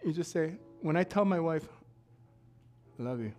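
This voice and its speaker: Man preaching, shouting then quiet asides. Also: a little high, expressive, normal speed, soft background music. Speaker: pastor. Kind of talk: sermon. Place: church.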